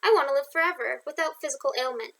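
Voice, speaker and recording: A woman reading the lines of a gentle young male artist in her storybook, soft and earnest, close to her own voice. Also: high voice, quick pace, rough recording. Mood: tender.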